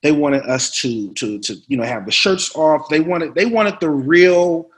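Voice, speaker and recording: A man, an actor guest, telling anecdotes in a casual interview, slangy and quick to laugh. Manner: mimics others with sharp pitch jumps.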